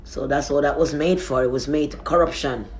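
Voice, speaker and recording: A woman, speaking into a phone on a live stream. She rambles softly, moving between prayer and warm reassurance. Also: low voice, moderate pace. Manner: soft, rambling, affectionate reassurance.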